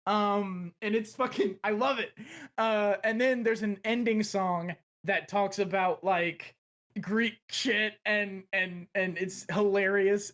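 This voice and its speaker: A man's voice: sits high, fairly bright tone. A man co-hosting a casual podcast chat, talking in an enthusiastic, profane and rambling way. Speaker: podcast co-host.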